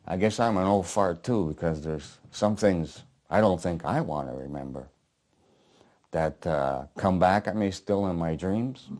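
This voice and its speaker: A man reads the part of a haunted old war veteran, gruff and working-class. His voice sits somewhat low, and he tells the story bluntly, swearing freely, in an apartment living room. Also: measured pace, darkish tone. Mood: weary. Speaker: playwright reading his play aloud. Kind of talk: dramatic monologue reading.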